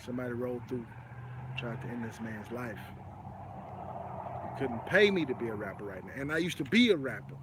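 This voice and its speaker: A mid-pitched man from North Texas hosts a live commentary show, talking the news through in an easygoing storytelling way. He drifts into preachy asides and leans on "you know what I'm saying", and a faint hiss sits under his voice. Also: expressive, a little fast, long pauses. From Dallas-Fort Worth area, Texas. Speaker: host of a commentary channel.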